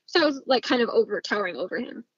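A woman's voice: on the high side, lively intonation, racing, husky, dry recording, highs cut off. A woman telling a personal story as an interviewee, casual and rambling with many fillers. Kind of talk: emotional personal recollection.

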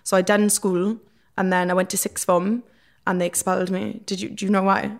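A woman's voice: mid-range voice, flat delivery, brisk, vocal fry. A young Welsh woman talks as an interview guest, with a middle-range voice. She tells her stories openly in a loose, casual ramble, and fillers keep creeping into her speech. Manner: rambling, frank, peppered with fillers. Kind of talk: casual candid storytelling.

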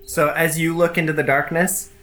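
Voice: medium pitch, flat delivery, normal speed, noisy background. A game master narrating a tabletop game, with a hesitant delivery full of fillers and restarts.

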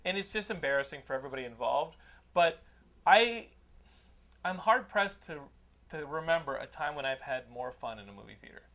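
A man with a high voice hosts a loose, casual podcast. He rambles through a profane story, stumbling over restarts and breaking into laughter. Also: lively intonation, fairly quick, a bit bright. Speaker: podcast host giving a movie recommendation.

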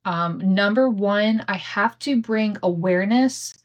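A woman's voice: medium pitch, a little slow, dull audio. Candid, foul-mouthed woman podcaster. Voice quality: candid, swears freely, laughs often. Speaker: podcast host. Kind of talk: casual solo podcast storytelling. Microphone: home podcast setup with imperfect audio.

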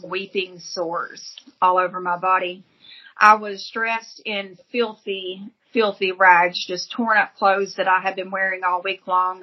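A woman's voice: medium pitch, dull audio. A woman giving an earnest, emotional personal testimony as an interview guest, telling her story vividly.

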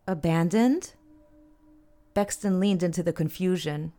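A woman narrating a horror story as an audiobook, in a measured, even delivery. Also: on the low side.

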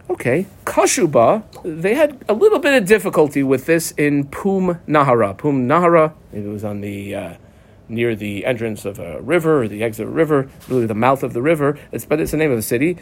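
Animated man teaching Gemara. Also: a little high. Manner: reads Aramaic text then translates, animated, marks up the text aloud. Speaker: Talmud teacher. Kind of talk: daf yomi Gemara class.

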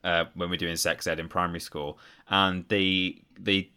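A man's voice: sits low, level tone, normal speed, bright, forceful tone, clean tone. A man co-hosting a podcast, telling candid stories and laughing along. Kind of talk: casual chat.

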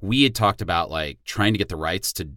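Low-voiced relaxed male guest. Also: fairly quick, no echo, studio quality. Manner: relaxed storyteller with easy laughs. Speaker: podcast guest. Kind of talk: casual podcast chat.

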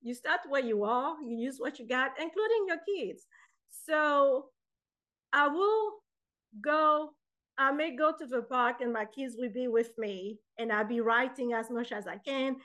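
Woman guest, high voice, relaxed chatty storyteller who slips into the voices of people in her stories. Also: moderate pace. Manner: animated, acts out dialogue in her anecdotes. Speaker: guest, author and poet. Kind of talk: casual interview storytelling.

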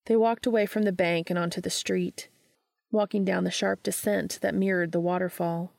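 Low, gravelly woman reading a story. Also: steady tone, normal speed, a little mellow, no room sound. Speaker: narrator.

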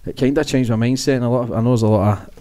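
A man's voice: medium pitch, rapid-fire, warm tone. A Scottish man hosting a podcast, talking in an earnest, sweary way and saying mate a lot. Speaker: podcast host. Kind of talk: casual podcast chat.

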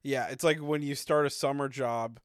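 A man's voice: medium pitch, steady tone, moderate pace, clear, resonant tone, no echo, studio quality. A man co-hosting a casual recap podcast, joking and acting out quotes with frequent laughter. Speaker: podcast co-host.

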